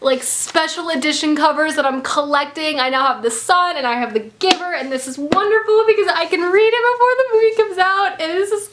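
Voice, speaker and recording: Giddy high-voiced woman vlogger. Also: brisk, few pauses, a bit bright, a little hiss or hum. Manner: gushing, breathless and giggly, stumbling over names. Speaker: book vlogger. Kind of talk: excited unboxing vlog. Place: home, indoors.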